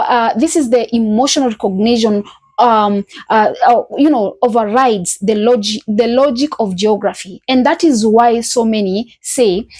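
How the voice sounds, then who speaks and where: A woman's voice: on the high side, darkish tone, breathy edge. A woman hosting a reaction channel, giving semi-scripted commentary with frequent fillers and restarts.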